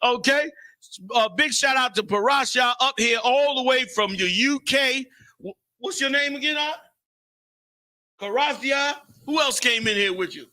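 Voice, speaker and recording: A man hosting a live talk show, talking with energetic, preacherly fervor and shouting out to guests. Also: very high-pitched, a little slow. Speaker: show host.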